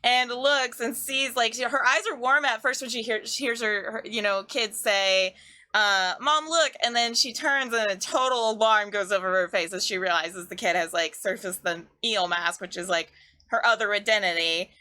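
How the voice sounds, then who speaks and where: A woman narrating as game master, rambling and animated with many fillers. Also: medium pitch, normal speed.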